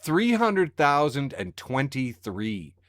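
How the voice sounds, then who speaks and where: A man co-hosting a casual podcast, sarcastic and animated, often breaking into laughter. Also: mid-range voice, slow, no room sound, clean studio sound. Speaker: podcast co-host reading the news. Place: home studio on a video call.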